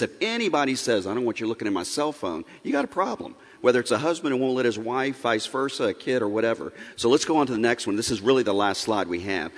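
A middle-aged man speaks at a church seminar on parenting. He is frank and earnest, and talks plainly to the audience. His voice carries a long reverb off a large hall. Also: lowish voice.

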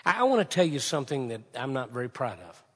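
A man's voice: mid-range voice, big pitch swings, fast talker, slightly rough. A man preaching a sermon to a congregation, asking rhetorical questions and repeating phrases for emphasis. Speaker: pastor. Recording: reverberant hall.

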